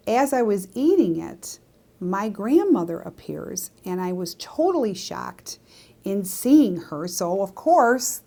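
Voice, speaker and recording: A woman's voice: fairly low pitch, darkish tone. A woman, a psychic medium, telling a personal story to her viewers in a chatty, confiding way with frequent asides. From Greek descent. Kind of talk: casual storytelling to camera.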